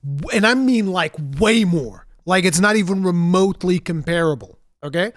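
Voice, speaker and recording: A man chatting casually on a game stream, animated and swearing freely, talking into a desk mic. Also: high voice, normal speed, no echo, clean studio sound. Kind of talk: casual live-stream chat.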